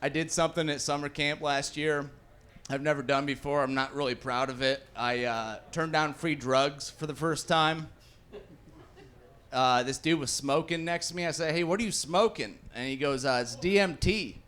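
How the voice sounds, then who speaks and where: Guy doing stand-up at a club, kinda high voice, loose and sweary, does little voices for people in his bits. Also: fairly even intonation, normal speed, fairly bright tone, clean tone. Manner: casual, swearing, acts out quotes. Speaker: stand-up comedian. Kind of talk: stand-up set. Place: comedy club stage with live audience.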